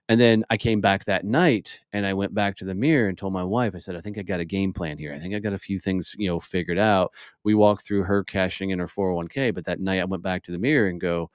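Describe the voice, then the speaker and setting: A lowish-voiced man in his forties recounts his past in a raw, unfiltered way, swearing freely and acting out his own inner voice. The sound is dry and close, with no room around it. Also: no room sound. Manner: blunt, profane, animated storyteller. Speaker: podcast guest. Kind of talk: candid storytelling interview.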